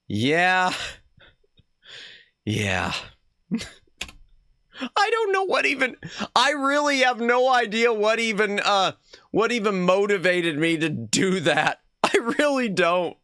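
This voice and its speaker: A man's voice: high-pitched, pushed and bright, clear, resonant tone, dry recording, studio quality. A man chatting casually while streaming a retro game, playful and laughing at himself as he reads the game text aloud. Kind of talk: casual live-stream gaming chat.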